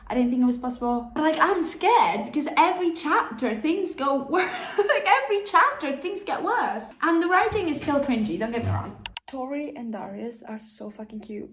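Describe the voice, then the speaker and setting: Lively young woman ranting about books. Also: high-pitched. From Italy. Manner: animated, swearing, ranting reactions. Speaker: book vlogger. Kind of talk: casual reading vlog chat.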